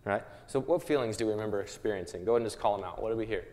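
A man leading a children's Bible lesson, playful and animated, coaxing the audience to join in. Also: on the low side, rapid-fire. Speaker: children's Bible program leader. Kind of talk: lively kids' Bible lesson with skit. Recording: echoey hall.

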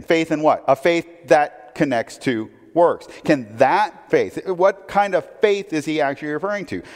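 A man preaches in a conversational, questioning way and keeps drawing his listeners in. His voice sits a little high and moves with lively swings in pitch. The sound carries a long reverb, as in a church sanctuary. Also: a little slow, hardly any pauses. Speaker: pastor. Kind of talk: sermon.

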